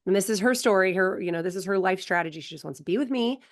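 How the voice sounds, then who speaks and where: A woman podcast host shares parenting stories with lively energy and acts out the dialogue as she goes. Her voice sits in a middle pitch, and her talk is warm-hearted and chatty. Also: fast. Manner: animated storyteller, acts out dialogue. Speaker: podcast host, performance coach. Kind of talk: conversational interview.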